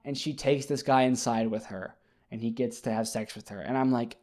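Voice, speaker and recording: A man talking casually on his own, retelling a TV episode in a rambling, animated way with many fillers and restarts. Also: medium pitch, normal speed. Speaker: podcast host. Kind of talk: casual solo recap chat.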